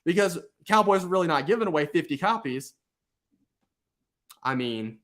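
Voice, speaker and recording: A man's voice: a little high, normal speed. Rambling man giving casual channel tips. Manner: rambling, filler-heavy, animated. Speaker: YouTube host giving channel advice. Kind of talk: casual chat.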